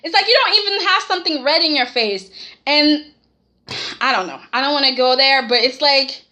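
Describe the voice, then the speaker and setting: A woman's high-pitched voice moves at normal speed as she casually recaps a soap opera episode on her vlog. Animated and sassy, she speaks straight to the characters and caps lines with "okay?".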